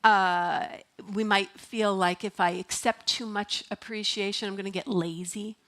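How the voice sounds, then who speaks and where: In a church sanctuary, a middle-aged woman minister delivers a sermon in a chatty, playful manner, laughing often. Her medium-pitched voice is steady, a bit bright, and slightly slow.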